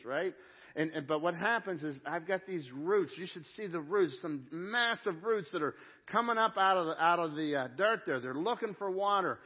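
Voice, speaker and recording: A man's voice: sits high, animated, normal speed. A middle-aged man preaching a sermon in a church, conversational and emphatic, talking straight to the congregation. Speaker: pastor. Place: church sanctuary. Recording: dull lo-fi sound.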